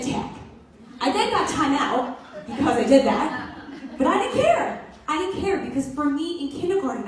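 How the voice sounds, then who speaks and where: A young woman tells a personal story to an audience, her voice high and swinging widely as she acts out the quotes. She sounds a little distant from the mic, and the hall around her rings with strong echo. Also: slight background noise. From New York. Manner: animated, acts out quotes in voices, laughs often. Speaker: speaker giving a personal talk. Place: event hall.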